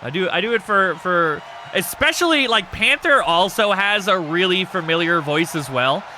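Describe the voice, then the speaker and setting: A man hosting a live stream, chatting casually and excitably with viewers, joking and swearing freely. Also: high-pitched, normal speed, slight background noise. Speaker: streamer hosting a wrestling show.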